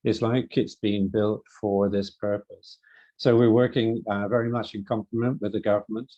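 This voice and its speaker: A retired government official giving measured introductory remarks at a startup event. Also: male voice, lowish voice, flat delivery, dark tone. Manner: measured, hesitant restarts. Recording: muffled audio.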